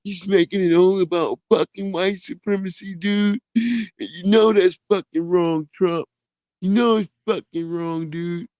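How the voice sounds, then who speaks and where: A man's voice: high-pitched, fairly even intonation, unhurried, a little mellow, dry recording. A man putting on the voice of a whiny, self-pitying young man who was deported. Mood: whining.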